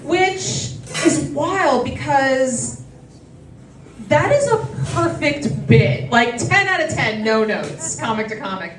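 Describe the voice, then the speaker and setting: Woman stand-up comic, quick and self-deprecating, fairly high voice, echoey and a bit distant. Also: sing-song, noisy background. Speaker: stand-up comedian. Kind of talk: stand-up comedy set. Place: comedy show in a bistro. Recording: echoey room from a distance, loud crowd.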